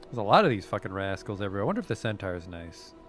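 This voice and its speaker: A man's voice: fairly low pitch, big pitch swings, very fast, a bit bright. A man streaming a video game, commenting sarcastically and swearing casually. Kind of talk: let's play commentary. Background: faint game music.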